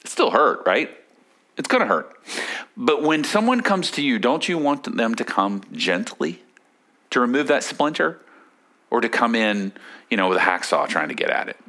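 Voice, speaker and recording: A man preaching a sermon in a conversational way, often asking the listeners questions and dropping soft on key words. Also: medium pitch, sing-song, normal speed. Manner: conversational, asks the listeners questions with frequent "right?". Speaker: pastor.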